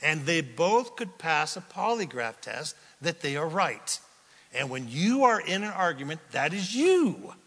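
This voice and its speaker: Animated, high-voiced male preacher. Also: a little slow, husky, big-room sound. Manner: animated storytelling, acts out quotes, asks the crowd questions. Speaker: pastor. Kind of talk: sermon.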